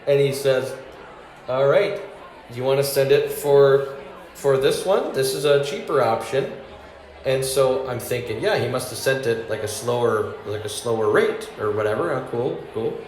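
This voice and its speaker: A man's voice: medium pitch, normal speed, a little mellow, roomy sound, a little hiss or hum. A man doing stand-up, telling work stories, laughing at his own jokes and acting out other people's lines in raised voices. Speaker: stand-up comedian. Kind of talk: stand-up storytelling.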